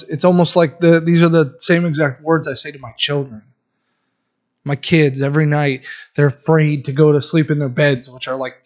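Man, pastor, sermon, earnest and conversational, slightly high voice, dull lo-fi recording. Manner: earnest, conversational preaching with many restarts.

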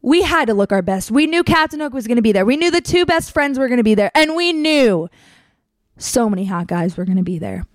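A woman's voice: a little high, animated, a little fast, dry recording. Chatty young woman, dry close sound. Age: young adult. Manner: chatty, constant "like" fillers, acts out quotes. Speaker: vlogger telling a story. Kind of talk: casual storytime.

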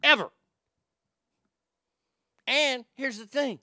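A man's voice: sits high, normal speed, vocal fry, pushed and bright, clean tone, no echo, clean studio sound. A middle-aged man, rambling casually and profanely as he reads from a chat. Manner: profane, folksy, rambling with restarts. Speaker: livestream host reading chat.

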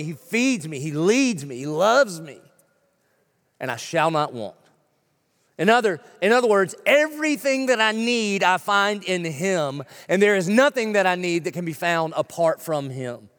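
A middle-aged male pastor preaching a sermon in a church, joking and punchy, firing off quick lists. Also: high voice, big-room sound. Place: church sanctuary.

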